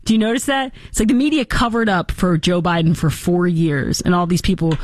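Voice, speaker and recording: A woman's voice: fairly low pitch, brisk, dry recording, clean studio sound. Sarcastic woman hosting political commentary. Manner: sarcastic, animated, mocking.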